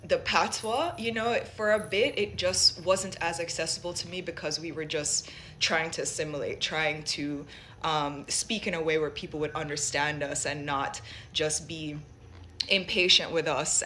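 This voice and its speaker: A woman's voice: sits low, moderate pace, sharp tone, slight background noise. A young woman from Jamaica, raised in America, reflectively telling her own story and laughing now and then. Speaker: interviewee. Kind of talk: personal storytelling.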